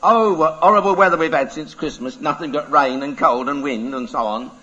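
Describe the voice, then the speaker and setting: A man's voice: fairly high pitch, fairly quick, pushed and bright. A man voicing a grumbling elderly woman neighbour in a story, with a whiny, complaining manner. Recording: dull lo-fi recording.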